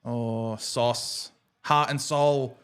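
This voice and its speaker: A man's voice: medium pitch, smooth. An Australian man co-hosting a casual footy watch-along, joking and teasing. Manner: joking, animated, quick to tease. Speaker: co-host.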